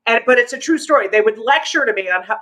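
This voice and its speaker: Brash, high-voiced woman comedian. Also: fast talker, poor audio. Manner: brash, animated, punchy. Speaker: comedian guest. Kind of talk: stand-up storytelling on a video call.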